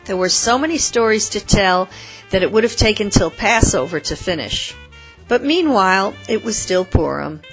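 A woman reading a story aloud in a calm, measured narration. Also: mid-range voice, soft background music.

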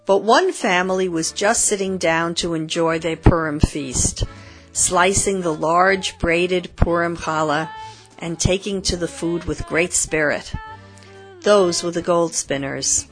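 A woman reading a story aloud in a calm, measured narration. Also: on the low side, faint music behind.

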